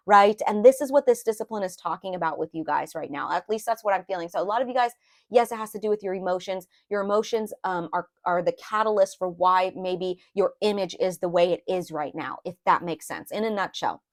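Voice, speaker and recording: In a mid-range voice that runs a little fast, a tarot reader gives an informal spoken reading. She wanders and confides, stumbling through fillers and restarts, and openly shows emotion over her own feelings.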